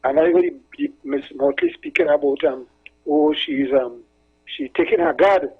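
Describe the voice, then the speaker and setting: A man's voice: on the high side, big pitch swings, moderate pace, creaky, husky. A man calling into a talk show, rambling and repeating himself as he tells stories. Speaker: caller. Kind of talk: casual call-in chat. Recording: tinny phone line.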